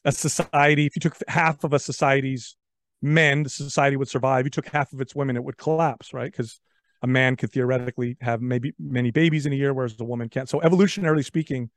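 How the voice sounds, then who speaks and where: Male podcast guest, mid-pitched, storytelling, talks in restarts, dry close sound. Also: fast, no room sound. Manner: animated storyteller with frequent repeated words. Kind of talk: casual chat.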